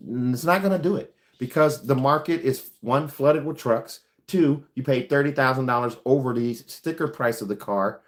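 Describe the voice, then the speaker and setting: A man hosts a casual livestream as a car salesman, talking in a loose, rambling way full of ums and uhs. He gives frank, practical advice at a medium, unremarkable pitch. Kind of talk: casual livestream chat answering viewer questions.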